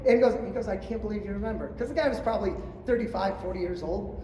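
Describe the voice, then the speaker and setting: A man's voice: high-pitched, quick pace, slight background noise. Man speaking in a roomy hall. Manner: storytelling, acting out quotes, swings from quiet to shouting. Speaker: coach clinic speaker. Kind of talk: motivational speech to coaches. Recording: roomy hall, distant mic, faint ambience.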